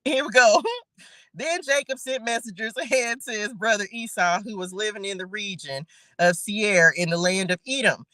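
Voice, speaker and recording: A woman leads a casual livestream Bible study in a bright, forceful voice. She reads scripture aloud and breaks off to chat playfully with her viewers, laughing as she goes. The sound is dry, with no room echo. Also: medium pitch, normal speed. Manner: chatty and playful, laughing, talking straight to viewers.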